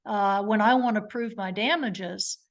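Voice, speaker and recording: A woman's voice: medium pitch, unhurried. A middle-aged woman lawyer giving a live webinar lecture, telling stories and acting out courtroom exchanges. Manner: storytelling, acts out witness and lawyer exchanges. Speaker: trial lawyer giving a legal education talk.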